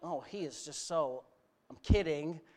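A middle-aged male pastor with a notably high voice delivers an animated sermon. He swings between sarcastic asides and rising, near-shouted exhortations. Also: measured pace.

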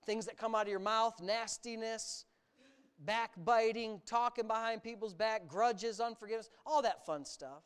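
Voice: mid-range voice, normal speed, smooth. A preacher from the United States delivering a sermon, talking emphatically, stretching words for emphasis and adding sarcastic asides.

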